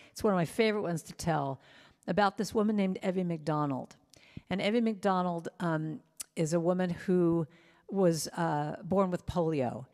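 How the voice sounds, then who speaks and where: Animated woman telling stories in a reverberant hall. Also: on the low side. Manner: animated, self-deprecating storytelling. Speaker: inspirational speaker and singer. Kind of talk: storytelling talk at a spiritual service.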